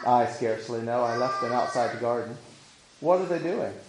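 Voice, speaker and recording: A man voicing a wise, teasing old female bee in a storybook reading, with a dry, gently mocking manner. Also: medium pitch, moderate pace, echoey room, noisy background, natural voice.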